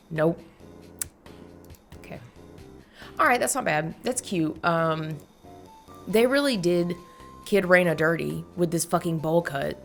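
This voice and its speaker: Young woman rambling about a pet game, lots of vocal fry, swears a ton, laughs a lot. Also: on the low side. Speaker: gaming YouTuber. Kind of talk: casual vlog chat.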